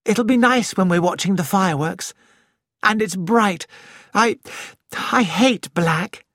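A reader voicing a lively, restless young woman with a bright, breathless, gushing manner, in an audiobook. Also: mid-range voice, takes it slowly, no echo, clean studio sound, pitched above the performer's own voice. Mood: chatty. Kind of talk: audiobook character voice.

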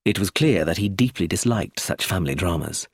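Husky man, story narration, expressive rising and falling delivery. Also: low-pitched, brisk, no echo, clean studio sound. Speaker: audiobook narrator.

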